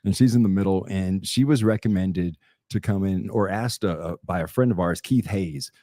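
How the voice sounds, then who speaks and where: A man's voice: deep voice, moderate pace, warm tone, no room sound, studio quality. A man hosting a casual interview show. He is friendly and chatty, with frequent restarts. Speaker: host. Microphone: close studio microphone.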